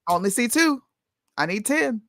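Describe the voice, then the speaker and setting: A woman's voice: a little high, big pitch swings, normal speed, a bit bright, no echo. A woman co-hosting a casual livestream chat, playful and prone to sudden squeals. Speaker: co-host.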